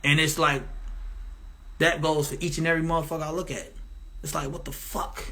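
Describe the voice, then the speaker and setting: A man's voice: fairly high pitch, little pitch movement, a little fast, bright, forceful tone, a little hiss or hum. Rambling, profane, grandiose man. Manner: profane, grandiose, meandering with restarts. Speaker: commentator. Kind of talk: rambling monologue.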